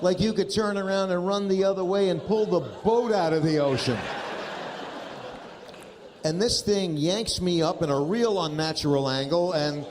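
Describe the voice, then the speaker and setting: A man's voice: sits high, moderate pace. A man in his fifties doing stand-up, telling stories in an exasperated, profane way. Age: 50s. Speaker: stand-up comedian. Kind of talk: stand-up comedy storytelling. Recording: noisy live recording.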